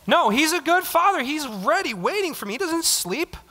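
A young man preaching a casual, conversational sermon, animated, acting out little quotes. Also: extremely high pitch, normal speed, long reverb tail. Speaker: pastor. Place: church sanctuary.

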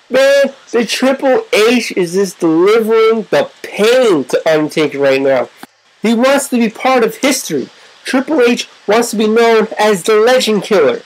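Husky woman giving excitable game commentary. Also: fairly high pitch, normal speed, rough recording. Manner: excitable, profane, jokey. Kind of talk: joking play-by-play commentary over a wrestling video game.

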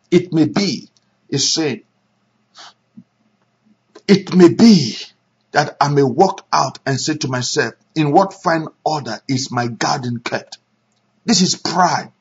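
A male pastor preaching a sermon, animated, with sudden shouts and hushed asides. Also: on the high side, breathy edge, dull audio.

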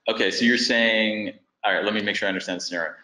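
Low, bright-toned man hosting a webinar, in a roomy echo. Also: fairly even intonation, rapid-fire. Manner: thinks aloud while working through figures on screen. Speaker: webinar presenter. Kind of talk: business webinar walkthrough.

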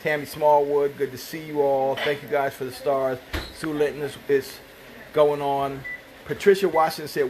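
A man's voice: on the high side, noisy background. A man with a Jamaican accent hosting a cooking live stream from a home kitchen, chatting playfully and greeting viewers by name. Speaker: livestream host. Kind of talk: casual live-stream chat reading viewer comments.

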